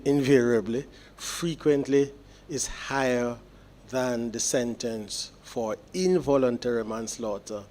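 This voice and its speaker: In court, a judge delivers sentencing remarks with a measured, explanatory manner and deliberate pauses. His voice is medium-pitched and a little mellow.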